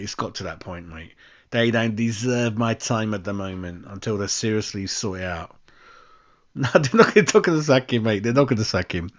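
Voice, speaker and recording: A man's voice: on the low side, muffled recording. Sweary exasperated London man. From West London. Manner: sweary, exasperated, keeps saying "mate". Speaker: fan channel host. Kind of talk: casual live-stream rant.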